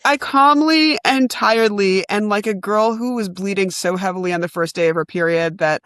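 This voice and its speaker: A woman co-hosting a comedy podcast, telling a story in animated, casual chat and laughing often. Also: fairly low pitch, fairly quick, dry recording, clean studio sound. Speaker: podcast co-host.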